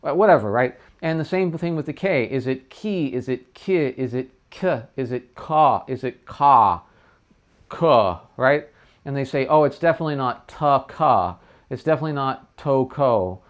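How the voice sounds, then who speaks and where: A man's voice: medium pitch, expressive, normal speed. A middle-aged man teaching trumpet tonguing in a casual livestream lesson, chatting loosely and sounding out syllables.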